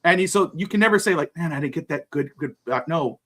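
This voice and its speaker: A man's voice: fairly high pitch, animated, fast talker, a bit bright. A man co-hosting a podcast, talking in a rambling, emotional way with swearing and frequent laughter. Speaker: podcast co-host. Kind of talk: casual chat.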